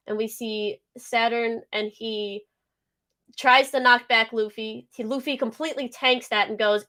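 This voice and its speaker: A young woman in a casual reaction chat, reading comic dialogue aloud with animated delivery. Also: on the high side, moderate pace. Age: young adult. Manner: animated, acts out character lines while reading. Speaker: co-host reacting to a comic chapter.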